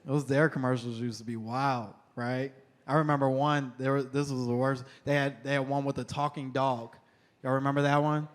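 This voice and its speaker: A man performing a stand-up comedy set on stage, telling stories in an animated, conversational way. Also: mid-range voice, normal speed.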